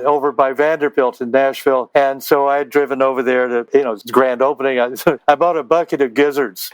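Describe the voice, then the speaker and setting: A man's voice: medium pitch, no echo, poor audio. An older man from Texas, a guest telling rambling stories and acting out the dialogue. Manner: rambling, acts out quoted dialogue. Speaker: interview guest. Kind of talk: anecdotal storytelling.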